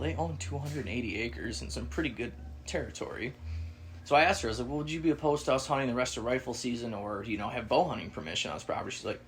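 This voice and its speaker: Podcast co-host, man, casual animated storyteller, salty language, mimics the people he quotes. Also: mid-range voice. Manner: animated, swearing, acts out quoted voices.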